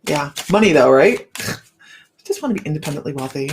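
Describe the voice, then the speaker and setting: A woman's voice: low-pitched, expressive, fairly quick. A chatty woman hosting a casual live tarot stream. She talks to her viewers by name and laughs easily between cards. There is a faint hiss and some clicking behind her voice.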